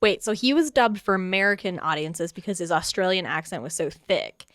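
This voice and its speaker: A woman's voice: fairly low pitch, expressive, fairly quick, a bit bright, no echo, clean studio sound. A young adult woman co-hosting a podcast in casual chat, giggly, playful and profane. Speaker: podcast co-host.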